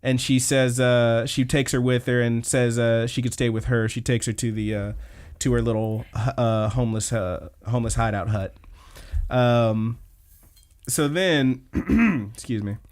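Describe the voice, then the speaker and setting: A man of middle pitch talking loosely on a podcast, recapping scenes in a relaxed, rambling way. He swears freely and drops into brief quoted lines as he tells the story. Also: unhurried. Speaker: podcast co-host. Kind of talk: casual anime recap chat.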